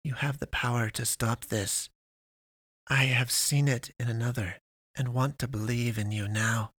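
A man's voice: mid-range voice, steady tone, a little slow, fairly bright tone, husky, no echo, studio quality. A man voicing a solemn android pastoress. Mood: pleading.

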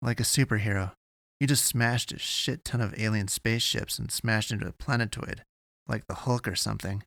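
A man's voice: fairly low pitch, steady tone, normal speed, creaky, a bit bright, no room sound. A man reading a story aloud, voicing a battered, shaken young man who stammers and speaks dryly. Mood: earnest. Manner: stammering and dry.

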